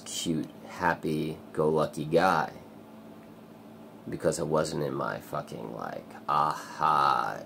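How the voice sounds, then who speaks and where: A man vlogging in a casual, rambling way, swearing often and filling pauses with "like" and "you know.". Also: rumbling low, vocal fry, slight background noise. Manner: rambling, swears a lot, many fillers. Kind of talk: casual personal vlog.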